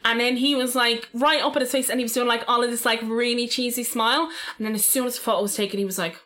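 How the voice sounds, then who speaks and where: A woman's voice: on the high side, steady tone, quick pace, fairly bright tone. A young woman with a Dublin Irish accent, co-hosting a podcast in casual chat, swearing freely and full of "like" fillers. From Ireland. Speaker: podcast co-host.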